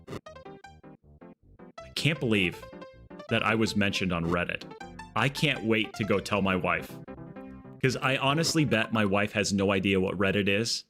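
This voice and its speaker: A man live-streaming a game, chatting casually in an excitable, joking, rambling way. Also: on the low side.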